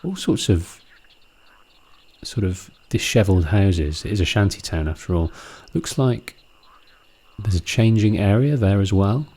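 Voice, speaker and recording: A man's voice: on the low side, a little slow, warm tone, slightly rough. A man hosting a let's play, chatting casually and musing aloud about what he sees in a game. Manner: musing, chatty, with fillers and restarts. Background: game music.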